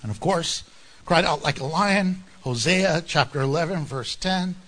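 A man preaching a sermon in an animated, conversational way, with jokes and asides to the congregation. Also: fairly high pitch, a little slow. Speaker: pastor.

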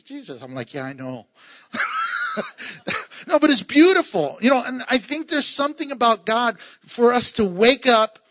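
Male pastor, sermon delivery, playful with humorous asides; high-pitched, slightly muffled recording. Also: sharp tone. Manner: playful, joking asides and chuckles.

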